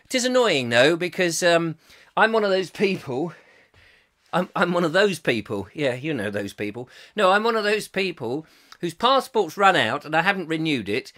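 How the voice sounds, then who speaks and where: Lively jokey chat-show host, man. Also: a little high, normal speed. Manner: rambling, jokey, self-mocking asides. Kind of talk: live comic chat show, reading viewer comments.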